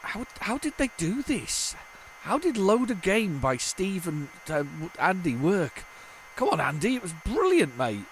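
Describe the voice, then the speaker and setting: A man with a slightly high voice talks casually as he hosts a retro gaming video. He rambles, restarts his sentences and fills gaps with ums. A faint hum of noise sits under the recording. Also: huge pitch swings, measured pace. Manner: rambling, chatty, many fillers and restarts. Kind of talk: casual chat while showing old game tapes.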